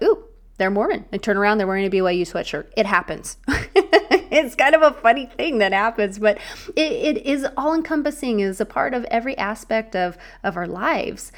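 A young adult woman hosting a solo faith podcast, talking to her listener in an earnest, encouraging, chatty way. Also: a little high. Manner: chatty with filler words.

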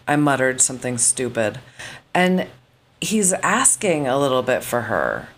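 A woman, a guest scholar, casually discussing a novel and acting out its lines in lively, shifting voices. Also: extremely low pitch, unhurried. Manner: animated, acts out quotes in shifting voices.

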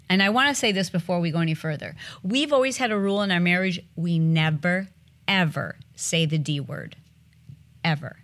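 A woman's voice: on the low side, brisk. A woman hosting a podcast, chatting casually with her husband and giving earnest advice on relationships. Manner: animated, acts out both sides of stories. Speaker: podcast host.

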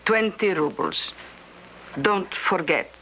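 A woman's voice: fairly low pitch, slow, fairly bright tone, dull audio, a little hiss or hum. An actress playing a greedy old female medium who haggles over money and pretends to be hard of hearing, in a 1970s radio drama. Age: older. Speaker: fortune-telling medium.

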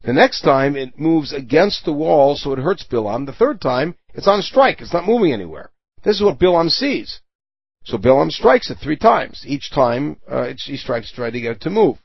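A man's voice: on the high side, very animated, moderate pace, gravelly, breathy edge, no echo. A man giving a Torah lesson, reading Hebrew verses and translating them line by line, with everyday examples. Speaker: Torah teacher. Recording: dull lo-fi recording.

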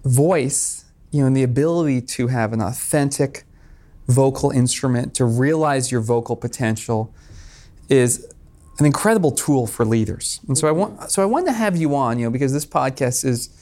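A man's voice: medium pitch, normal speed, darkish tone. A middle-aged man hosting a podcast interview, easygoing and joking as he chats with his guest. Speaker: podcast host. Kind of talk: conversational interview.

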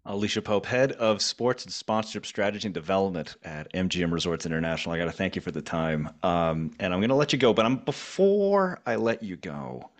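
A man hosting a sports business podcast, asking questions in a playful, lively way. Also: sits low, fairly quick, few pauses. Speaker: podcast host. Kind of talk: podcast interview and outro.

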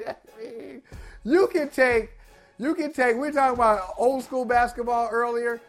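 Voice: mid-range voice, moderate pace, soft background music. A co-host in a casual sports debate, emphatic and incredulous, scolding in a mocking way.

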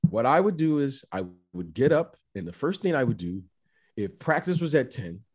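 A middle-aged man telling stories in a casual chat, emphatic and animated, often repeating the listener's name. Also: mid-range voice, moderate pace. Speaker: former basketball player, guest.

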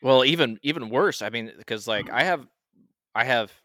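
A man's voice: mid-range voice, animated, normal speed, fairly bright tone, dry recording, clean studio sound. A man from Washington State with a Pacific Northwest American accent in casual podcast chat, easygoing and musing. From Washington State, USA.

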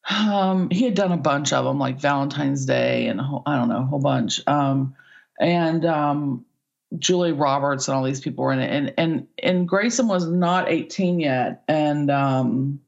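Gravelly-voiced woman agent, chatty and rambling. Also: low-pitched, moderate pace, lo-fi sound. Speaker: talent agent. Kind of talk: casual podcast interview.

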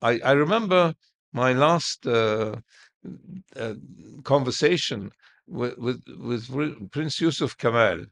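An older man with a gravelly, creaky voice talks through an interview in a halting way. He repeats himself and restarts his sentences often. His pitch sits in the middle for a man. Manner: halting, repeats words, animated when quoting others. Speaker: interview guest. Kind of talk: conversational interview storytelling.

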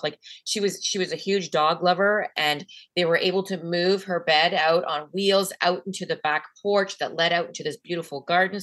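A woman's voice: fairly low pitch, fairly bright tone. A woman hosting an interview, talking casually with lots of "like" and "you know" and getting emotional over a memory. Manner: gets emotional telling a memory. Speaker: podcast host.

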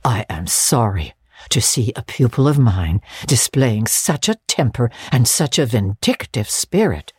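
Casting: a woman as a pompous schoolmaster, solemn and clipped, husky edge. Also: extremely low pitch, big pitch swings, measured pace, dry recording, clean studio sound, heavily acted. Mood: stern. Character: stern pompous male schoolmaster.

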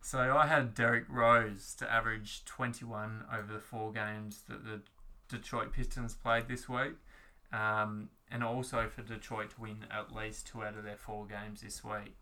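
A man co-hosting a sports podcast, wry and quick with quips. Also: lowish voice, level tone, pushed and bright. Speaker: podcast co-host. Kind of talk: casual sports podcast chat.

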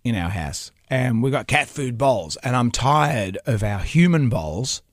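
A middle-aged man, hosting a radio show and telling stories in a lively, mock-indignant way. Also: mid-range voice, unhurried, dry recording, clean studio sound. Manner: animated storyteller, mock-indignant. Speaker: radio host. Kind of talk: casual radio chat. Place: radio studio. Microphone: studio microphone.

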